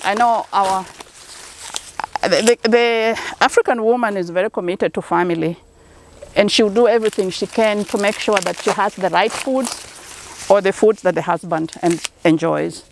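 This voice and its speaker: A woman's voice: mid-range voice, moderate pace, slight background noise. A middle-aged woman with a Kenyan accent, a corn farmer answering interview questions in an earnest, encouraging, storytelling way. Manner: earnest and encouraging, telling stories.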